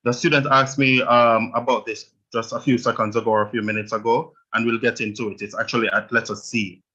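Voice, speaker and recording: A man's voice: medium pitch, level tone, brisk, sharp tone, dull audio. A man with a Jamaican accent teaching a Spanish lesson, walking through the rules step by step and checking in with his class. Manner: explains step by step, checks in with "right?". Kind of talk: online language lesson.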